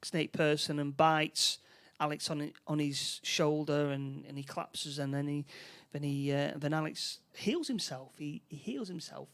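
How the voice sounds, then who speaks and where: Gravelly man recapping a film haltingly. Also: a little high, a bit bright. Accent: Northern English. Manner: halting, many restarts, acts out character lines. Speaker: podcast co-host. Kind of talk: casual film recap chat.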